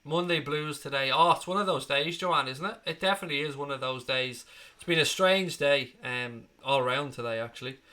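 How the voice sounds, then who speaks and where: A man's voice: fairly high pitch, brisk, bright, forceful tone. A man in his thirties with an Irish accent, hosting a live football fan stream in a chatty, blunt way, reading out viewer comments. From Ireland. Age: 30s. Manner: chatty, blunt, swears freely. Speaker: fan channel host.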